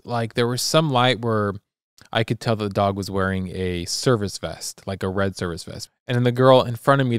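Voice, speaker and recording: A young man co-hosting a podcast, telling a story in a loose, rambling, animated way. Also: lowish voice, clean tone, dry recording, clean studio sound. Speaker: podcast co-host. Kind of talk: casual chat.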